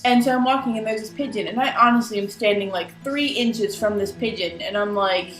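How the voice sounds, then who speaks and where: A woman's voice: medium pitch, a little fast, distant mic. A young woman telling a funny everyday story in a chatty vlog, acting out what others said. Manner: chatty, animated, acts out the voices of others. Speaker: vlogger. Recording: echoey room with faint music.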